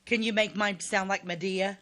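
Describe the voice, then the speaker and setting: A woman's voice: mid-range voice, fairly even intonation, moderate pace, a bit bright. A woman co-hosting a casual chat show, talking in a chatty way and laughing often. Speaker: co-host.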